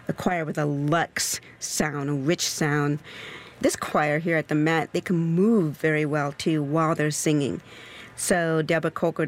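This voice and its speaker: Composer in interview, expressive and eager, pace shifting between quick and slow. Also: medium pitch. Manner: enthusiastic, expressive, speeds up and slows down. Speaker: opera composer. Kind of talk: interview answers.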